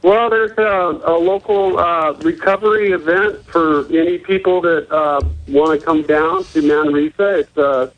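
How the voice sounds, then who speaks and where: Halting male caller on a dull line. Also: a little high, faint music behind. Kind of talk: casual phone call.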